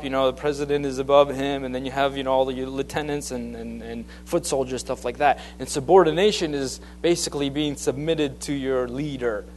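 A man's voice: medium pitch, slight background noise. A man preaching a sermon, talking off the cuff and often stopping to restart or repeat words.

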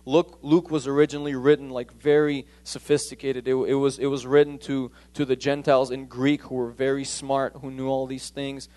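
A man's voice: mid-range voice, flat delivery, moderate pace, hardly any pauses, a little mellow. A man preaching a conversational sermon, emphatic and repeating key points.

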